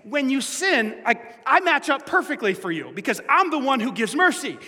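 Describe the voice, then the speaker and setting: God as a patient, merciful speaker who talks in plain, everyday words, as a preacher acts him out. The voice is high and bright. It rings out with a long hall echo. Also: male voice, very animated, normal speed, heavily acted. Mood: reassuring. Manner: casual, conversational, reassuring. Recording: echoey hall.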